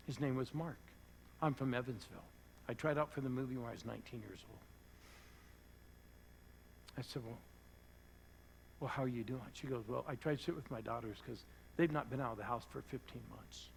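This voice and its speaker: A man preaching a sermon as pastor, telling an earnest story that sinks to hushed tones at its emotional moments. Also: mid-range voice, vocal fry, slight background noise, poor audio. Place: church.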